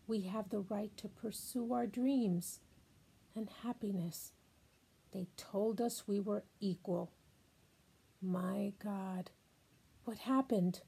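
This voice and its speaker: A woman's voice: a little high, gravelly, mellow, a little hiss or hum, poor audio. An older woman speaking as a grandmother in an emotional spoken-word monologue, repeating lines and dropping at times to a whisper. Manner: slow, emotional, repetitive, drops to whispers. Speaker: grandmother sharing a message.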